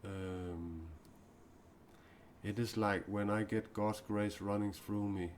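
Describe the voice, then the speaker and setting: A man speaking as a self-described mystic in an improvised live-stream talk, earnest and confessional, often pausing and restarting his sentences. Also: fairly low pitch, steady tone, slight background noise.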